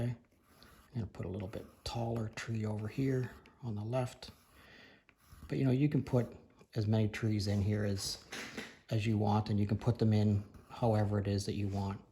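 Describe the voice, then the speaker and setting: Gravelly, slightly hoarse man teaching painting. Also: fairly low pitch, a little hiss or hum. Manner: relaxed, thinking aloud, self-correcting. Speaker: painting instructor. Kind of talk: casual tutorial narration.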